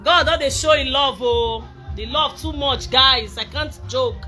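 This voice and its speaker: A young Nigerian woman chatting excitedly to fans on a live video, slipping between English and Pidgin and bursting into shouts and laughter. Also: sits high, measured pace, soft background music. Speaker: social media personality.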